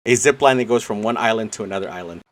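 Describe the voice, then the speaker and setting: A man's voice: lowish voice, very fast, a bit bright, no room sound. A man hosting a casual podcast, teasing friends and telling stories about them. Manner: teasing, storytelling, mimics friends. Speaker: podcast host, streamer.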